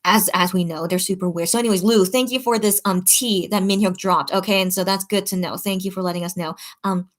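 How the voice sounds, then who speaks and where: A woman's voice: mid-range voice, steady tone, a little fast. Chatty woman rambling with fillers. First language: English. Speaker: channel host reading live chat. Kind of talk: casual chat with viewers.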